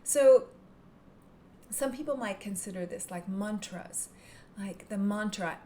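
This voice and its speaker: A woman teaching hypnotherapy technique in a calm, gentle manner, sometimes dropping into a soft whisper. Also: medium pitch, slow pace, pauses often, slight background noise. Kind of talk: instructional talk to camera.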